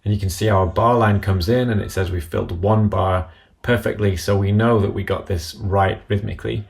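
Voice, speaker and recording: A man calmly explaining an app step by step in a screen-recorded tutorial voice-over. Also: lowish voice, vocal fry.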